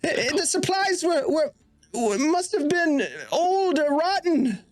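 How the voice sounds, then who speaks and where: A man's voice: extremely high pitch, animated, unhurried, voice pushed up. A man voicing a frightened male victim in a tabletop game, stammering and pleading.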